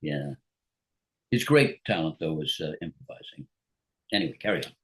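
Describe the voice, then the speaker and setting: A man's voice: extremely low pitch, lively intonation, moderate pace. An older man, a guest actor on a rewatch show, reminiscing in casual chat and laughing often.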